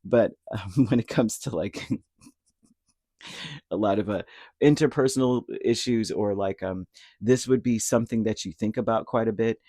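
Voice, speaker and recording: A man's voice: lowish voice, a little slow, dark tone, dry recording, studio quality. A man giving a casual, rambling tarot reading, talking conversationally with lots of fillers and asides. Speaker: tarot reader.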